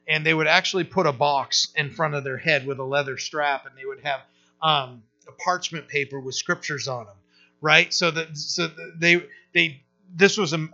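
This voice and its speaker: A man, a pastor, teaching through a Bible passage in a casual, halting way, often restarting and checking in with "right?". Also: fairly high pitch, sharp tone, highs cut off.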